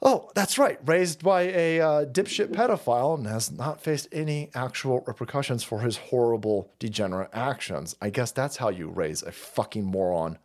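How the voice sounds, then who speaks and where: A man's voice: animated, normal speed, few pauses. A man running a profane, mocking political commentary stream. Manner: mocking, swearing, laughing, swings loud and low.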